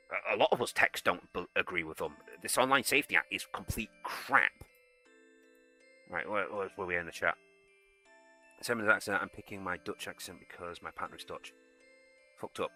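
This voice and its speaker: Casual: young brit guy chatting while gaming, swears a lot, low voice w a really bright edge. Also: normal speed, soft background music. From United Kingdom. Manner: rambling, blunt, swears freely. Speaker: gaming streamer and soldier.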